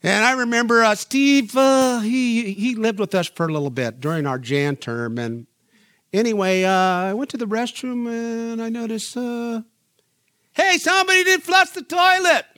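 A man's voice: high voice, normal speed, no room sound, studio quality. A middle-aged man preaching a sermon as pastor, telling stories animatedly and acting out the people he quotes. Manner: animated storytelling, acts out quoted voices.

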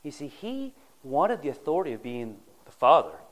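A man's voice: fairly high pitch, sing-song, moderate pace. A man preaching a sermon, retelling a Bible story in a folksy, conversational way and addressing the congregation directly. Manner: folksy storytelling, acting out the characters' lines.

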